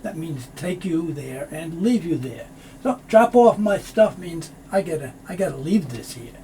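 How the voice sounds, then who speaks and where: A man teaching English pronunciation, explaining slowly and repeating phrases to show how they sound. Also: a little high, animated, mellow, a little hiss or hum. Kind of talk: pronunciation lesson.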